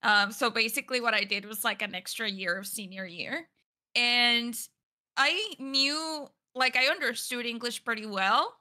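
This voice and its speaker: A woman's voice: fairly high pitch, measured pace, pushed and bright. A young woman from Venezuela with a Spanish accent, telling stories in casual chat with lots of fillers. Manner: chatty storyteller with frequent fillers and laughs.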